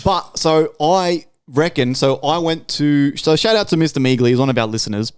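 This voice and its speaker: A man's voice: on the high side, normal speed, clean tone, no room sound, studio quality. A young Australian man hosting a podcast, telling a long story in casual, swearing chat. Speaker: podcast host.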